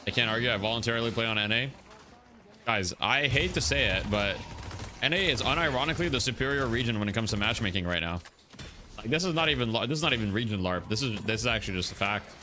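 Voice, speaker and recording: A man's voice: mid-range voice, lively intonation, fast talker, bright, forceful tone, a little hiss or hum. A man streaming a game and coaching a team, joking and laughing as he chats with viewers and a co-caster. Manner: joking, laughs often, reads out donations. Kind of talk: casual gaming stream chat.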